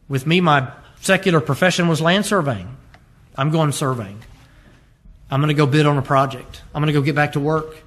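A man's voice: on the high side, moderate pace, fairly bright tone. A man, a pastor, preaching a conversational sermon full of rhetorical questions. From rural upbringing with a catfish pond.

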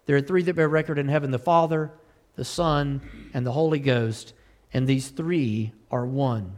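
A man preaching a sermon, reading King James scripture aloud and swinging between loud pleading lines and low, solemn ones. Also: fairly even intonation, normal speed.

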